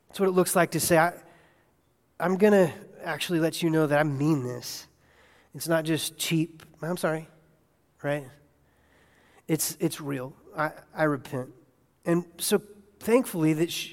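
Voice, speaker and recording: A male pastor preaching a conversational sermon in a church, asking his congregation questions and swinging between hushed asides and loud, excited bursts. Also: on the high side. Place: church sanctuary. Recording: long hall reverb.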